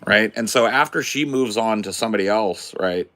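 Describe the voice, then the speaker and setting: A man telling a story in a casual, animated, profane way as a podcast host. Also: on the low side, moderate pace. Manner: animated, profane, swears freely.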